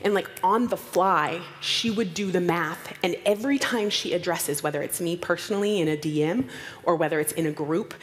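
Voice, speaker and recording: An American woman from Oklahoma speaks at a conference with a slightly low voice. She tells stories in an animated, playful way and acts out the voices of the people she quotes. The sound rings with the long reverb of a large hall. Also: normal speed. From Oklahoma, United States. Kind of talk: conference talk.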